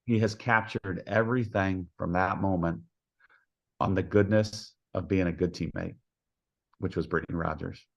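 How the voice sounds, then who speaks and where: A man who coaches softball, telling folksy anecdotes as a podcast guest and acting out the dialogue in them. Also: low voice, fairly even intonation, normal speed, vocal fry, highs cut off. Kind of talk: storytelling in a podcast interview.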